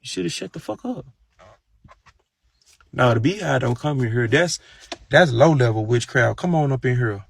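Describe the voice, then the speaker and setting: Gravelly, profane man ranting casually. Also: animated, normal speed, pauses often. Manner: profane, gossipy, breaks into high falsetto singing and mimicry. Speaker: streamer. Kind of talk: casual rant.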